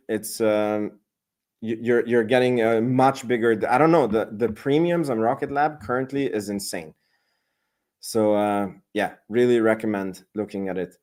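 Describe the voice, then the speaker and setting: A slightly mellow, mid-range male voice belongs to a live stream host chatting loosely about selling options. He reads viewer comments aloud and answers them, rambling with lots of fillers and restarts.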